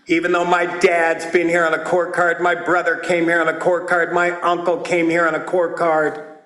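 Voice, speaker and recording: A man giving a comedic recovery talk at a twelve-step meeting, telling stories loudly and acting out the people in them. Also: fairly high pitch, normal speed. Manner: loud, animated storytelling with voiced characters. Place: meeting hall. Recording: roomy hall with audience laughter.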